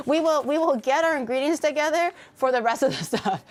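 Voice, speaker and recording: A young woman with a somewhat high voice chats with her viewers while she cooks on a livestream. She teases them, laughs a lot and swears freely, and she keeps a loose, playful tone. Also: normal speed, pauses often. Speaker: cooking streamer. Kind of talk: casual cooking livestream chat.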